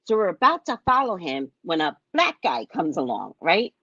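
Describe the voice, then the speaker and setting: A woman hosting her show, casually telling a funny travel story, animated and acting out what people said, often asking "right?". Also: lowish voice, normal speed, no room sound, dull audio. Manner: animated, acts out other people's lines; frequent tag question "right?". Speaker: show host and psychic reader.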